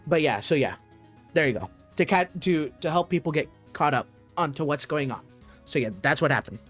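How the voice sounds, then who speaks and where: A man's voice: on the high side, lively intonation, a little fast, fairly bright tone, faint music behind. Young guy streaming a game, rambly and slangy, keeps restarting his sentences. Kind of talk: casual gameplay commentary.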